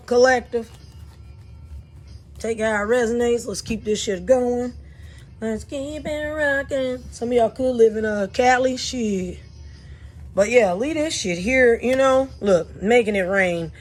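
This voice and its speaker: A woman doing a blunt, profane tarot reading for her viewers, talking animated and fired up. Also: fairly high pitch. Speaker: tarot reader.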